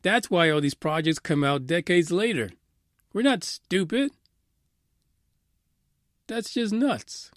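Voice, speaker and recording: A man with a high voice hosts a talk-radio style commentary, sounding sarcastic and exasperated and swearing freely. His delivery is loose and full of "uh" fillers. The sound is close and dry, with no room echo. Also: lively intonation, slow pace, pauses often. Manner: ranting, sarcastic, profane; frequent "uh" fillers. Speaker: radio news show host. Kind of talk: casual commentary.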